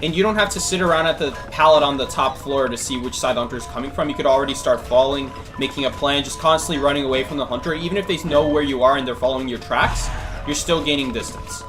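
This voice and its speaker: A man's voice: medium pitch, fast talker, over music. A man thinking aloud through a live gameplay stream, answering chat questions with plenty of fillers and restarts. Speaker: game streamer.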